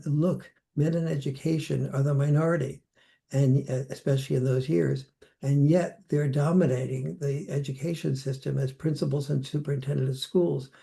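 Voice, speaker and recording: Gravelly, dark-voiced older man. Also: on the high side, fairly even intonation, normal speed. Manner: reflective, acts out quoted voices. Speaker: podcast guest. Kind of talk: conversational interview.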